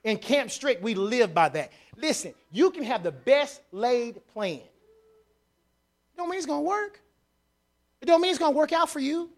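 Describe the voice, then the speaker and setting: A man preaching a sermon, repeating phrases and swinging from quiet asides to loud declarations. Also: very high voice, very animated, moderate pace, hardly any pauses. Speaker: pastor.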